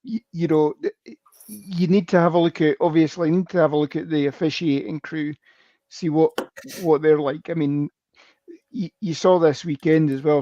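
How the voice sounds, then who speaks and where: A man co-hosting a sports podcast, rambling and emphatic with a mellow, somewhat higher voice. The recording is dull and lo-fi, and dry with no room sound. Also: dry recording. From United Kingdom. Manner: rambling, emphatic, swears mildly. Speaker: co-host. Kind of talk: casual sports podcast chat.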